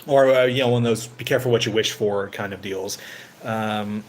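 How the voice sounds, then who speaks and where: A man's voice: fairly low pitch, steady tone, normal speed, a little hiss or hum, rough recording. Rambling man chatting casually to viewers. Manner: rambling, full of "you know" fillers. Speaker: channel host. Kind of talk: casual livestream chat.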